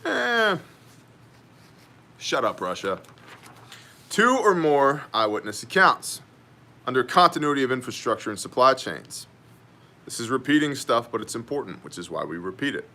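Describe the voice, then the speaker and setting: A man's voice: mid-range voice, sing-song, a little fast, bright, forceful tone. A man hosting a daily news brief in casual style, sardonic and joking as he reads chat comments aloud.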